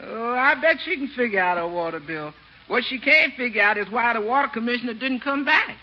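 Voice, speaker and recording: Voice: medium pitch, lively intonation, fairly quick, lightly acted. A performer playing a plainspoken household maid with dry humor in a 1940s radio comedy. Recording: dull old radio broadcast.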